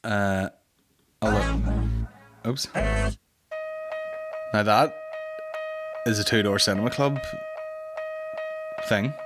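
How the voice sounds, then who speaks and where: A man's voice: lowish voice, extremely slow, long pauses, over loud music. A man hosting a comedy podcast in a casual, rambling rant that is full of swearing.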